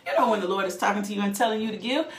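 A woman's voice: medium pitch, rapid-fire, reverberant. A woman preacher, reading scripture and breaking into fervent exhortation and prayer. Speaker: preacher leading a devotional.

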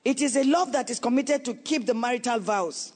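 Woman pastor preaching, earnest and pleading, goes soft and slow sometimes, big echoey church. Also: fairly high pitch. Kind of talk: sermon. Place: church sanctuary. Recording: long reverb of a large hall.

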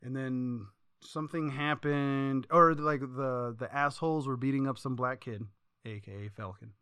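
A man's voice: medium pitch, normal speed, clear, resonant tone, no echo. A man co-hosting a podcast, telling stories in a rambling, profane, casual way. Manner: profane, rambling, animated storytelling. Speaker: podcast co-host. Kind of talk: casual chat.

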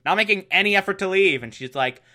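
Guy doing a slow goofy episode recap, bright kinda high voice. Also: animated. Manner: slow, amused and wry.

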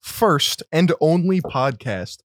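A man's voice: on the high side, lively intonation, slow pace, dry recording, studio quality. A young man co-hosting a casual podcast, laid-back and wry, swearing as he banters. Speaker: podcast co-host.

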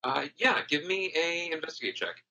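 A man narrating a tabletop game as game master, quick and full of fillers. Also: on the high side, lively intonation, creaky, sharp tone, low-quality recording.

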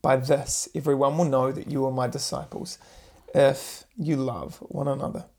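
A man co-hosting a podcast, reading scripture aloud at a steady pace between short agreeing remarks. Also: medium pitch, normal speed. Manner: reads steadily, brief agreeing interjections. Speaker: podcast co-host. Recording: voice from far off the mic.

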